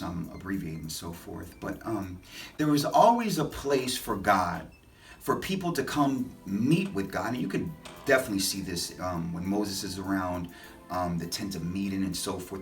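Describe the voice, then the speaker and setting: A man, a dad of three, giving a relaxed, chatty daily devotional with lots of fillers and animated storytelling. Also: on the low side, far from the mic. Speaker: lay preacher giving a daily Lenten reflection. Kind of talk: casual spoken devotional. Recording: voice a bit off-mic with light music behind.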